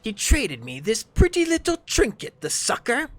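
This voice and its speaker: A man voicing a crude, menacing male villain leader, pitched well above his own voice. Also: huge pitch swings, normal speed, fairly bright tone, soft background music, exaggerated voice. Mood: smug. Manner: sneering, crude and threatening.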